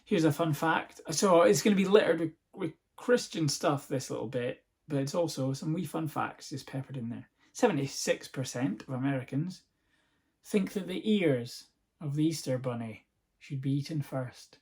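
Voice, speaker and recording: A man's voice: fairly high pitch, normal speed. A man hosting a podcast, rambling through a casual comic monologue, sarcastic and swearing freely. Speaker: podcast host.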